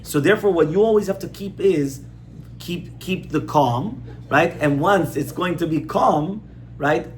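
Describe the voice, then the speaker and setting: A man's voice: on the high side, moderate pace, a little hiss or hum. Man teaching a class, conversational and firm. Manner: conversational, repeats points, asks audience rhetorical questions. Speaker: rabbi giving a class. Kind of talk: informal Torah class on parenting.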